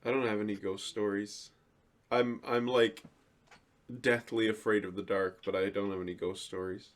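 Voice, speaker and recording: A man's voice: fairly low pitch, flat delivery, moderate pace. A man co-hosting a podcast, chatting casually with joking, sarcastic asides. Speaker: podcast co-host. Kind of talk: casual chat.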